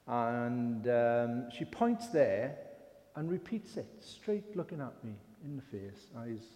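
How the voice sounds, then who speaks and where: A man's voice: mid-range voice, animated, takes it slowly, mellow. Older Englishman preaching in echoing hall. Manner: chatty, self-deprecating storytelling. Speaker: lay preacher. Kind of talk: informal sermon. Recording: reverberant hall.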